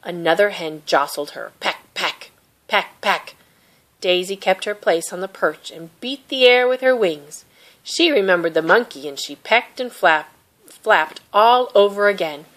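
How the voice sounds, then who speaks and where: A woman reading a children's picture book aloud with gentle, expressive narration. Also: medium pitch, moderate pace. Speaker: storybook reader.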